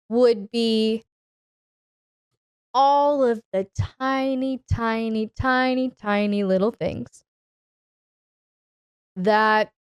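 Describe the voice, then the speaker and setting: A woman hosting a live-stream advice Q&A, speaking in a commanding, deliberate, instructive way. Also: fairly high pitch, smooth, dry recording, studio quality. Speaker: dominatrix coach hosting a live Q&A.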